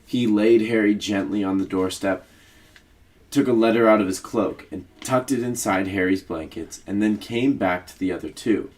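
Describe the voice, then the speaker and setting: A man, a teacher, reading a children's book aloud in a steady, measured storytelling voice. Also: fairly low pitch.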